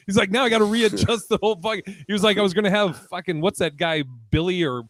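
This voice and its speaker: Animated, swearing podcast host man. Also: sits high, a little fast, no room sound. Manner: animated storyteller, acts out quotes, swears a lot. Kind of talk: casual chat.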